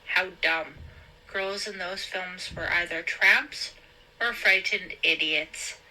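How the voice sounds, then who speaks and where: A woman reads a teen thriller aloud in a storybook style, slow and deliberate. Her voice is very bright and sharp-edged, sitting at a middle pitch for a woman. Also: poor audio. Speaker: host reading a novel aloud. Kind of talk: storybook reading.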